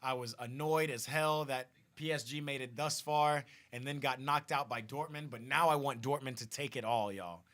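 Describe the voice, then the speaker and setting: A man hosting a live football watch party, chatting excitedly to viewers, often repeating and restarting phrases. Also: medium pitch, moderate pace, hardly any pauses. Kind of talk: casual live-stream chat.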